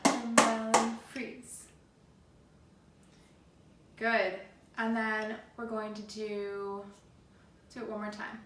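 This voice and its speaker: A woman's voice: medium pitch, little pitch movement, slow, fairly bright tone. A woman teaching a remote music lesson to elementary children, speaking in an upbeat, encouraging way and chanting rhythms aloud. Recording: roomy, distant, noisy home video.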